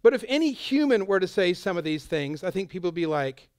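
High, clear-voiced male pastor, conversational. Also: sing-song, brisk, a little mellow, dry recording, studio quality. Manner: conversational, chatty preaching with many asides. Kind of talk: sermon.

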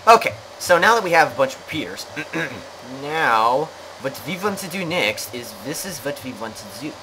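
A man's voice: on the high side, sing-song, moderate pace. A man hosting a let's play, rambling and joking to himself as he plays, self-mocking and chatty. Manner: rambling, jokey, self-mocking, talks to himself while playing. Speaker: gaming channel host. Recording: clear background noise.

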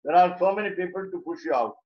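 A man's voice: high voice, expressive, fast talker. A man giving a scripture lecture, explaining Sanskrit terms word by word with fillers and restarts. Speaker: religious teacher. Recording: muffled lo-fi recording.

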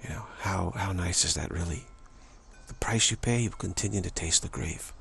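This low, creaky male voice has a bit of brightness and moves at a moderate pace. Delivering a spiritual teaching monologue, he repeats often, restarts and leans on "you know," and plays out little dialogues.

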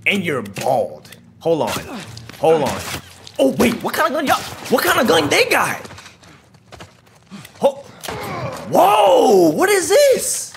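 A man's voice: high voice, very animated, unhurried, vocal fry, noisy background. A man giving live, slangy reaction commentary while playing a video game, trash-talking the enemies. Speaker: gaming channel host.

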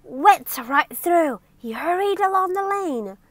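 A woman reading a children's storybook aloud in an expressive, playful way. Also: very high-pitched, takes it slowly, no room sound. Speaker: story reader.

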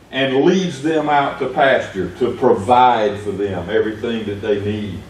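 Heard from a distance in an echoey church room, an American man with a fairly low voice preaches an earnest sermon in a small church. He retells Bible stories at a measured pace, his emphasis building as he goes.

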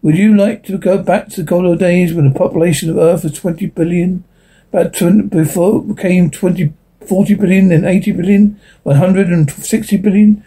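A man's voice: high-pitched, steady tone, fairly quick, dark tone, husky, poor audio. A man voicing an elderly male doctor who lectures persuasively. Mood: lecturing.

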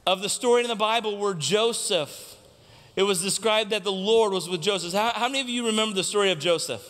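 High-voiced male pastor preaching in a hall. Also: a bit bright. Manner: preaching with rhetorical questions to the congregation; repeats key lines for emphasis. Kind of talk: sermon. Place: church sanctuary. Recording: long reverb of a church hall.

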